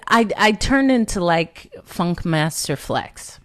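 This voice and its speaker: A woman's voice: medium pitch, lively intonation, slow, hardly any pauses, no echo, clean studio sound. A woman hosting a casual personal storytelling talk, conversational and self-mocking, often laughing at herself. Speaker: storyteller host.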